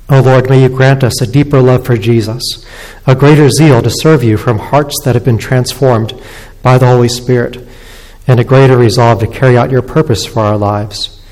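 A male pastor giving a sermon, reading scripture and leading prayer in a measured, solemn way in a church sanctuary. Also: medium pitch, a little mellow, long reverb tail, low-quality recording.

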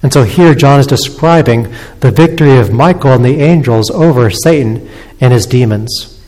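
A man preaching a sermon in an earnest, steady voice at a middling pitch, sometimes restarting his words. His voice rings out with a long reverb, as in a church hall. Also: normal speed. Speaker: pastor.

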